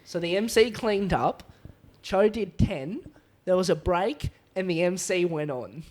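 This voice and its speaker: Animated young man, slightly high voice. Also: unhurried. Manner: animated, laughing often, full of fillers. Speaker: guest comedian. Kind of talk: casual podcast storytelling.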